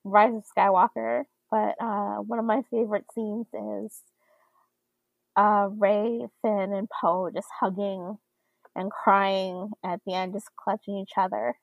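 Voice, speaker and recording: A wry woman co-host in a casual chat. Her voice has a gravelly fry and sounds close and dry. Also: mid-range voice, level tone, takes it slowly, dry recording, narrow, tinny audio. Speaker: podcast co-host.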